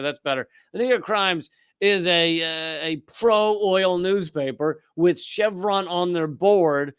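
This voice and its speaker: A man with a Southern US accent hosts a live commentary stream, sardonic and quick, often breaking off and restarting his sentences. His voice sits a little high for a man and sounds smooth and resonant. It is close-miked and dry. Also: fairly bright tone, no room sound. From Richmond, Virginia, US. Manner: sardonic, rapid and conversational with frequent restarts.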